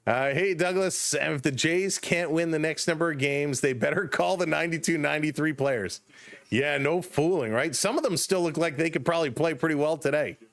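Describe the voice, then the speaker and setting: A man with a Canadian accent calling a baseball game live as a stream host, chatting with viewers between pitches. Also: gravelly, a bit bright. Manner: chatty, reads viewer chat and laughs often. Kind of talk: casual play-by-play commentary.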